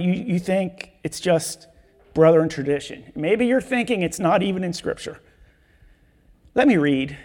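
A man preaching a sermon, reading Bible verses in a measured way and repeating key words for emphasis. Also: high-pitched. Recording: long hall reverb.

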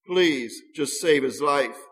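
A man's voice: on the high side, takes it slowly, a bit bright. A man reading the part of a frightened father praying for his injured son, earnest and pleading. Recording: long hall reverb.

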